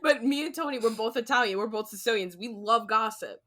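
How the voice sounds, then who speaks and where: Lively, foul-mouthed young woman co-host. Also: a little high, fairly quick. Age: 20s. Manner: animated, profane, storytelling. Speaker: podcast co-host. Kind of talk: casual chat.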